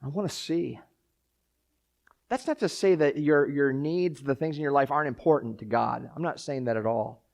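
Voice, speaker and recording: A man preaching as a pastor, closing his sermon with a prayer, moving from quiet pleading to loud, urgent calls. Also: mid-range voice, fairly quick, gravelly, few pauses.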